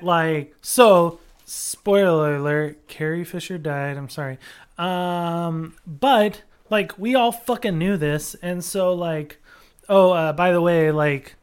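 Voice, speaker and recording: A man's voice: on the high side, clean tone. Rambling, profane podcast co-host, a man. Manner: rambling, profane, many fillers and restarts. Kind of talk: casual chat.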